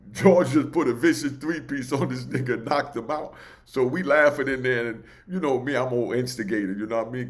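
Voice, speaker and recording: Animated storyteller. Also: male voice, mid-range voice. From New York. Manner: animated, loose, keeps asking "you know what I mean". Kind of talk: casual oral storytelling.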